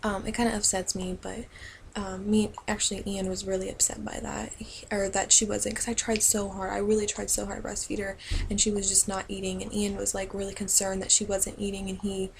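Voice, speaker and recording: A young woman talking casually to her camera as a new mother, soft and rambling with many pauses and restarts. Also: medium pitch, monotone, vocal fry, a little hiss or hum, poor audio. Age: young adult.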